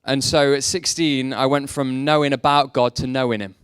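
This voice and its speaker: Jokey young preacher, smooth voice. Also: male voice, mid-range voice, fairly even intonation, moderate pace, no echo, studio quality. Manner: jokey, self-deprecating storytelling. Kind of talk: sermon with personal stories.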